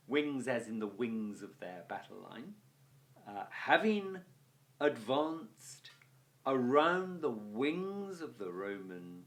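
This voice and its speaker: A man teaching a Latin lesson, reading phrases aloud and translating them bit by bit with chatty, lightly humorous asides. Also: mid-range voice. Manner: chatty asides with gentle humour. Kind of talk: recorded language lesson, translating line by line.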